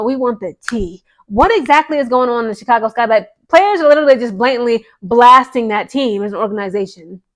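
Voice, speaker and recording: Fast-talking high-voiced woman vlogger. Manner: animated, repeats "okay?" often. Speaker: sports commentary vlogger. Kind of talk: casual sports gossip commentary.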